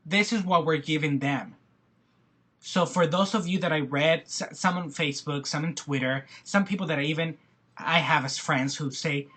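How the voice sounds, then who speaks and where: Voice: medium pitch, a bit bright, husky. A speaker giving a passionate personal video rant who talks in emphatic repetitions and frequent restarts. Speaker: video blogger.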